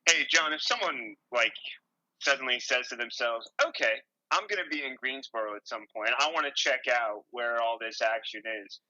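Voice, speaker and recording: Bright-voiced male host, muffled sound. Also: medium pitch, normal speed. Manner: friendly, eager interjections. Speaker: podcast host. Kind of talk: casual interview.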